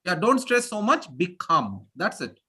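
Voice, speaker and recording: A woman teaching English pronunciation in a live online class over a video call, drilling students and repeating words slowly with clear stress. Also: fairly low pitch, wildly swooping pitch, pushed and bright.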